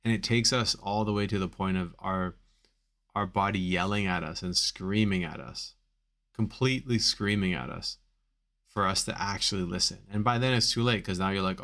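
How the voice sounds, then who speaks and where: A man's voice: low voice, brisk, gravelly, a bit bright. A man coaching on back pain in a live Q&A stream, talking casually with many fillers and repeated phrases for emphasis.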